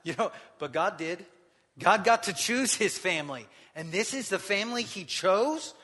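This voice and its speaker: A man preaching a sermon, retelling scripture with lively acted-out quotes. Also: high-pitched, normal speed, slightly rough, in a large hall. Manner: animated storytelling, acting out quotes. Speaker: pastor.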